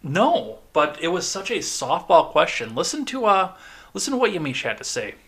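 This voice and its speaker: Man, podcast host; bright, edgy tone; sarcastic, loose commentary. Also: on the high side, big pitch swings, moderate pace. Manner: sarcastic, rambling with fillers. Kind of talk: casual political commentary.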